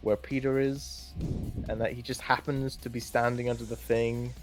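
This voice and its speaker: A man's voice: medium pitch, little pitch movement, normal speed, music in the background. A man chatting casually and rambling as he ranks films, with many restarts and fillers. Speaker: co-host ranking films. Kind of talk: casual opinionated chat.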